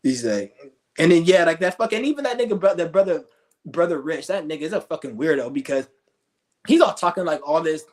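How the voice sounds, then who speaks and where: A man's voice: fairly high pitch, lively intonation, fairly quick. A male streamer ranting with scorn, rambling and cursing as he goes. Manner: profane, scornful, rambling rants. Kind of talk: ranting commentary.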